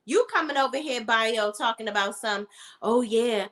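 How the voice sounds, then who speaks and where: A sassy young woman chats to her viewers in a casual, opinionated TV review. Her voice sits a little high and has a sharp, bright edge. She talks in an animated way. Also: moderate pace. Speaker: TV show reviewer.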